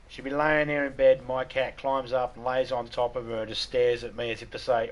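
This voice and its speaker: This gaming streamer, who has an Australian accent, tosses out crude, profane jokes in casual livestream chat during a game. His mid-range voice is flat and fairly quick with few pauses, and slight background noise is audible.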